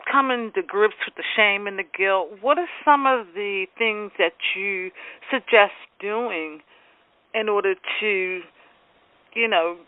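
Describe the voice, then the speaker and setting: A woman hosting a casual radio talk, agreeable and quick to affirm her guest. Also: mid-range voice, no room sound. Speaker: host. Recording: tinny phone-like radio sound.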